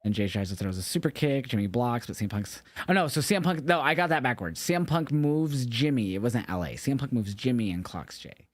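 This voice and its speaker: A man's voice: medium pitch, fairly quick, hardly any pauses, dry recording. A young man casually recapping a wrestling show, rambling and swearing loosely and correcting himself as he goes. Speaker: podcast co-host.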